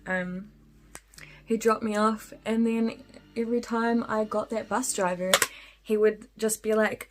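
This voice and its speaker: A woman with a mid-range voice speaks at normal speed, pausing often, with faint music behind her. A beauty vlogger, she tells a spooky story in casual chat while doing her makeup, laughing often and using lots of fillers and slang.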